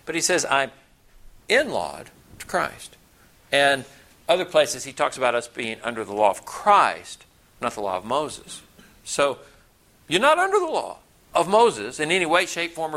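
A man preaching a Bible-teaching sermon who reads scripture slowly and keeps asking his listeners questions. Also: a little high, pushed and bright.

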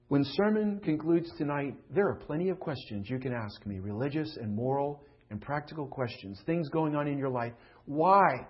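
A middle-aged man preaching a sermon as a pastor, moving from loud pleading questions to hushed, confiding tones. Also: a little high, normal speed, few pauses. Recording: dull lo-fi recording.

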